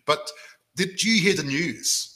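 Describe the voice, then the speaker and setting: Bright-voiced podcast host. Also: male voice, a little high, takes it slowly, low-quality recording. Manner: jokey, animated storytelling. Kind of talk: casual podcast chat.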